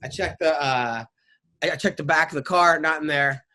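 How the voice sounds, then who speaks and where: High-voiced man rambling through a story. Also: moderate pace, sharp tone. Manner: rambling storyteller, stammers and restarts, swears freely. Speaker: podcast host. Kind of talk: casual chat.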